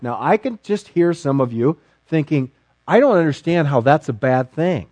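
A male pastor delivers a sermon in an animated, expressive style. His pitch is a touch high and ranges widely as he climbs into emphatic questions. The sound is close and dry. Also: no echo.

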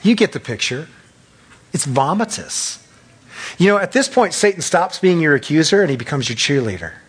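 A man preaching a sermon as pastor, acting out quick voices of the accuser and of self-righteous churchgoers. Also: on the high side, husky. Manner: acts out voices of Satan and churchgoers, animated.

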